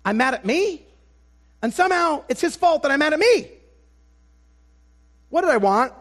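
A male traveling preacher giving a sermon with personal stories, speaking in an animated, self-deprecating way and often restarting his sentences. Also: very high-pitched, moderate pace.

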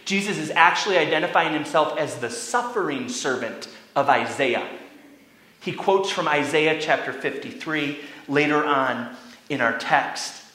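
Young male pastor, animated sermon storyteller, bright lightly raised voice, roomy echo. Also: fairly high pitch, measured pace. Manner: animated storytelling, acting out quoted lines, drops to a whisper.

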